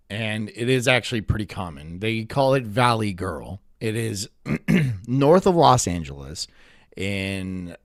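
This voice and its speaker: A man hosting a live stream, reacting to clips in an animated way and swearing often. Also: fairly low pitch, no room sound, studio quality. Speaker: streamer host.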